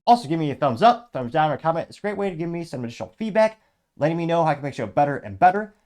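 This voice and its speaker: A man hosting his own political commentary show, reading out viewer comments in a rapid, blunt and sarcastic way while running on lots of coffee. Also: fairly high pitch, sing-song, a little mellow. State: over-caffeinated. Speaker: host.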